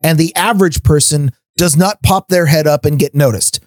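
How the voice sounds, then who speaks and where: Middle-aged guy ranting on a podcast, kinda high voice, dry sound, stumbles over his words. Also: normal speed, no room sound. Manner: ranting, stammers on restarts, laughs between points. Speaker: podcast co-host. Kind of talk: casual chat.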